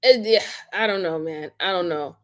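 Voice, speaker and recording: A woman's voice: on the low side, normal speed. A woman hosting a crime review, talking in a casual, slangy and blunt way. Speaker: host reviewing crime footage. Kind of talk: casual commentary.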